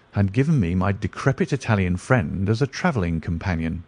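A man narrating a classic detective story in a steady, even reading voice. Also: fairly low pitch.

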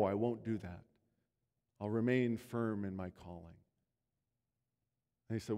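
Male pastor, sermon delivery, mellow tone, earnest storyteller whose voice rises and falls, church hall reverb. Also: lowish voice, fairly even intonation, normal speed, long pauses. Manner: earnest storytelling, voice swells and drops. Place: church sanctuary.

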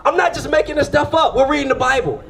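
A man with a strikingly high voice preaches outdoors, leaning hard on rhetorical questions and drawing answers back from his listeners. His delivery is emphatic and insistent. Faint street ambience hums behind him. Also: quick pace, creaky, fairly bright tone, slight background noise.

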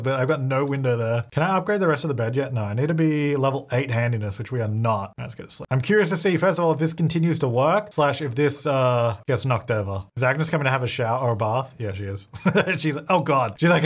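A man casually commenting on his own gameplay, chatty and thinking aloud, often laughing. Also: a little high. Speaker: gaming channel host.

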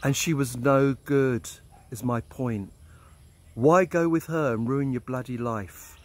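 A middle-aged man, an expat vlogger, tells a personal story in a storytelling monologue. His voice is medium-pitched, slow and a little mellow, and he's candid and blunt, swearing freely.

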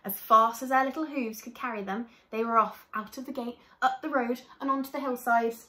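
A woman reading a children's story aloud in a gentle, expressive way, often turning to talk directly to young listeners. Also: fairly high pitch, brisk, roomy sound.

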